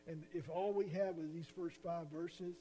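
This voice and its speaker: A man's voice: on the high side, fairly even intonation, normal speed, warm tone, soft background music, low-quality recording. A male pastor preaching an earnest, emphatic sermon, asking his listeners questions.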